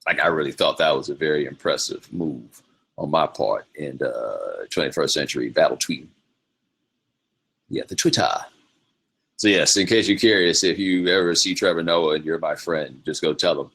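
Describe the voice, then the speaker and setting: A man's voice: sits low, fairly quick, pushed and bright. A man hosting his own show, telling loose, rambling stories in a casual, slangy way with frequent laughs. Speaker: podcast host. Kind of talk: casual storytelling monologue.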